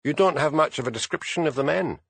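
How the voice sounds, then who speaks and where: A man voicing a calm, shrewd male village police constable in an audiobook. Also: on the high side, quick pace, gravelly, husky, no echo, pitched above the performer's own voice, full character voice. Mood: probing.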